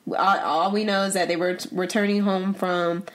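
A woman's voice: on the low side, moderate pace. Chatty woman cohost. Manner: animated, laughs often, trails off and repeats words. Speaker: podcast co-host. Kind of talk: casual chat, reading news.

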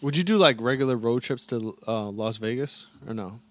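A man's voice: medium pitch, expressive, normal speed, a bit bright, no echo. A man co-hosting a podcast in casual chat, laid-back and joking, swearing offhandedly. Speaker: podcast co-host.

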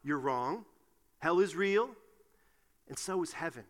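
Man, middle-aged, preacher, conversational sermon, high-pitched, long hall echo. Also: lively intonation, a little slow. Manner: conversational, leads the congregation in call-and-response.

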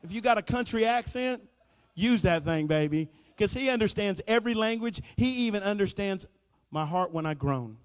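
A pastor preaching a sermon in a folksy, fervent way, building to loud emphasis. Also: male voice, high-pitched, animated, moderate pace, clear, resonant tone. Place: church sanctuary. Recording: echoey church hall.

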